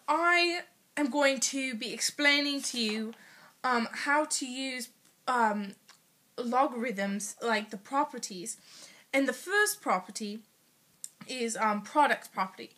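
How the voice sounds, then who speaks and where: A woman's voice: on the high side, takes it slowly, sharp tone. A teenage girl speaking in a put-on British accent, hesitant and playful, full of ums, explaining a school project into an iPad in her bedroom. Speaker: student. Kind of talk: homemade school project video. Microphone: iPad built-in mic.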